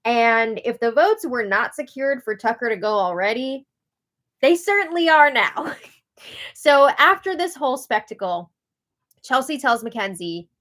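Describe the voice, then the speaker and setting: A woman's voice: fairly high pitch, unhurried. Sarcastic, laughing woman recap host. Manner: animated, swings from loud to hushed asides. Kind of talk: live recap commentary.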